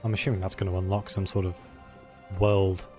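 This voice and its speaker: A man's voice: low-pitched, level tone, a little fast, a little mellow, faint music behind. A man chatting casually while playing a game and reading its dialogue aloud, thinking aloud in a self-deprecating way. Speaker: let's-play gamer.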